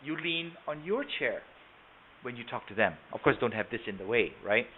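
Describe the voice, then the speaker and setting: A man's voice: medium pitch, lively intonation, moderate pace, slightly rough. A man leading a live sales training webinar on a video call, talking conversationally, quizzing the class and repeating himself. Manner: conversational, asks the class questions, repeats words. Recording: tinny phone-like audio.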